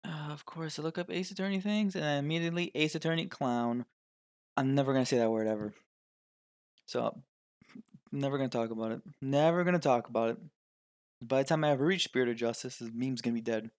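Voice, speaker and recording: A man's voice: mid-range voice, a little fast, no room sound, clean studio sound. A man chatting casually over a game he is playing, with offhand jokes. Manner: offhand, joking asides. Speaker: let's player.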